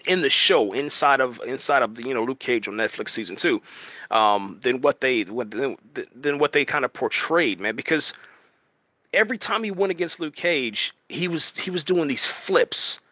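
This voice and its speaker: A video host reviewing a TV series speaks in a highish voice that sounds pushed and bright, recorded dry on a home streaming setup. His commentary is casual and rambling, packed with fillers and restarts, and he keeps tacking "man" onto his sentences.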